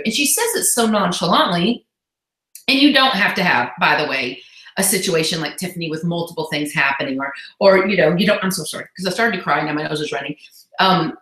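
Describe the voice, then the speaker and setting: A woman's voice: lowish voice, a bit bright. Heartfelt, chatty woman in an echoey room. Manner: heartfelt and chatty, quick asides. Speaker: fitness business coach. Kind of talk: casual motivational live call.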